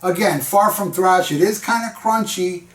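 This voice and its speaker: A man's voice: high-pitched, normal speed, a bit bright, roomy sound, far from the mic. A man giving a casual, rambling album review in a laid-back storytelling manner, full of slang. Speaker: music vlogger.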